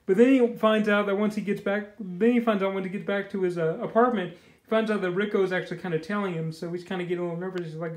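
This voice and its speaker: A man's voice: sits high, steady tone, fast talker. A man casually reviewing a comic book, rambling loosely and filling his talk with "you know" and "like". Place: indoors. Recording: echoey room.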